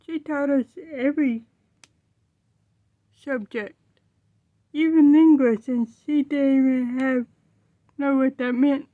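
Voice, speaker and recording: A woman's voice: high voice, steady tone, takes it slowly, long pauses, dry recording, narrow, tinny audio. A woman telling a funny story in a casual way, giggling and laughing often.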